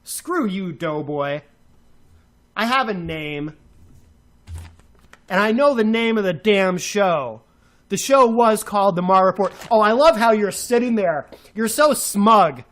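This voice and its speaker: A man's voice: high voice, animated, slow pace, a bit bright. A man co-hosting a radio show, ranting furiously with sarcastic, insulting outbursts. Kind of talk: angry on-air rant.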